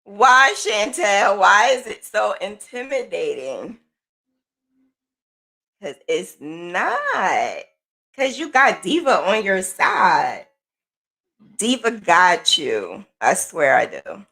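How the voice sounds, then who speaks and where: A woman's voice: mid-range voice, big pitch swings, slow pace, vocal fry, bright, forceful tone. A woman crochet vlogger chatting casually and candidly, swearing now and then and acting out the people she quotes. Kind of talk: casual chat.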